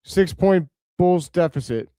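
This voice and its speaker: A man hosting a live watch-along stream, giving casual play-by-play and answering viewers' comments, with excitable outbursts over big plays. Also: high voice, a little slow, no echo.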